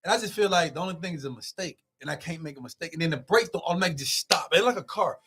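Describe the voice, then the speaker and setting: A young man telling a road story in casual, animated talk, swearing as he goes. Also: fairly high pitch, slightly rough. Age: young adult. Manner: animated, swearing, quick rambling with loud swings. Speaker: guest.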